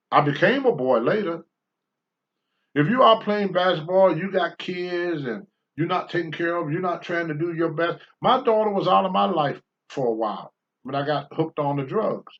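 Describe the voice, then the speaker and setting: An older man, a former pro wrestler, speaking bluntly and with profanity as a talk-show guest. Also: sits high. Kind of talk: candid talk-show storytelling. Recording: dull lo-fi sound.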